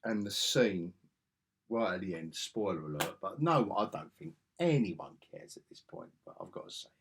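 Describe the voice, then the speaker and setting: A man's voice: sits low, lively intonation, moderate pace, husky. A man giving a casual video review, ranting sarcastically and exasperatedly, with frequent restarts. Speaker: film reviewer.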